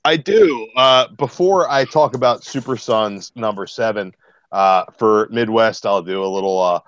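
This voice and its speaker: A fairly low-pitched man from Baltimore with a faint local accent, chatting about comic books with eager enthusiasm. His speech is full of "uh" fillers. The recording is dull and lo-fi, with a dry, close sound and no room echo. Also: measured pace, a bit bright. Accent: mild Baltimore. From Baltimore, USA. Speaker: podcast co-host. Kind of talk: casual chat reviewing comics.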